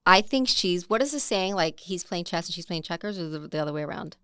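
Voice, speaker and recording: A woman's voice: on the low side, expressive, fast talker, pushed and bright, smooth, no echo, clean studio sound. A young woman co-hosting a pop-culture podcast, blunt and slangy in casual chat. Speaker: podcast co-host.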